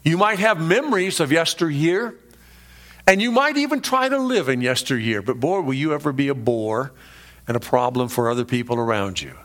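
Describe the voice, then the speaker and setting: A man preaching a sermon, emphatic and conversational, swinging from rising peaks to low drops and speaking directly to his listeners. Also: lively intonation, moderate pace, a bit bright. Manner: conversational asides to the congregation. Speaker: pastor.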